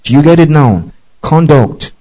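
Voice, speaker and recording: A man's voice: fairly low pitch, measured pace, mellow, rough recording. A man teaching a Bible study, reading verses aloud and often asking the class if they follow. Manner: checks in often with the class, spells out Greek words.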